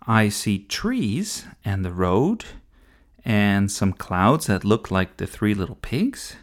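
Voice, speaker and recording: A man's voice: fairly low pitch, sing-song, slow pace. A man voicing a bossy, know-it-all young girl in a storybook reading, speaking in a lecturing manner.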